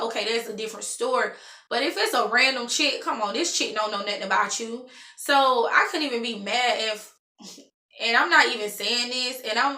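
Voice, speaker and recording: A woman in her thirties tells her own story with emphatic, animated delivery. Her voice sits a little high and sounds bright and forceful, caught in an echoey room. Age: 30s. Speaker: vlogger. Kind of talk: personal storytime.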